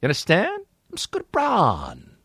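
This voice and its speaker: A man's voice: sits high, wildly swooping pitch, unhurried, vocal fry, fairly bright tone, slightly rough, dry recording, voice pushed up, exaggerated voice. A man putting on a pushy, crude, boastful music manager in a comedy bit. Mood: hustling. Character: pushy fast-talking male music manager.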